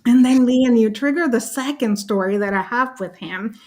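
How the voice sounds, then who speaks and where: Lively high-voiced woman telling stories. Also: moderate pace. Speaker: summit panelist, parent. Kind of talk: animated personal storytelling.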